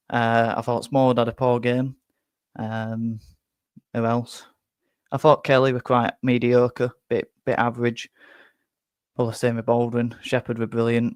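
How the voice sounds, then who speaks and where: A man's voice: mid-range voice, no echo. A man hosting a live fan reaction, talking bluntly with many restarts and a little out of breath. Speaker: fan channel host.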